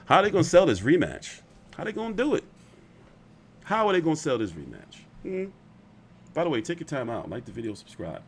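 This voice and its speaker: A man's voice: a little high, big pitch swings, brisk, long pauses, a little hiss or hum. A man hosting casual boxing commentary, rambling and opinionated, often profane.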